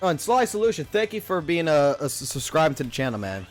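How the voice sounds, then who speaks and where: A man in his thirties giving casual stream commentary as a livestreamer, ranting in an animated, profane, rambling way. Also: fairly high pitch, fast, soft background music. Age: 30s.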